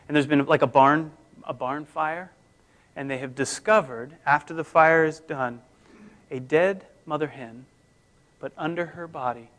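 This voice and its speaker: A man preaching a conversational sermon, his voice swinging between loud emphasis and near-hushed tones. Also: fairly high pitch. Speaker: pastor.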